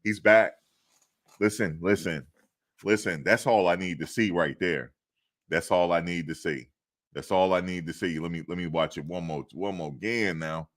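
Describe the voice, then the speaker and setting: A man hosting a casual commentary on practice footage, excitable and laughing, repeating his phrases. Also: sits low, moderate pace. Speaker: host reacting to practice footage.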